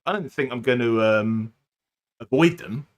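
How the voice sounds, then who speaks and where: A man's voice: medium pitch, measured pace. A man hosting a casual podcast chat, teasing his co-host and laughing easily.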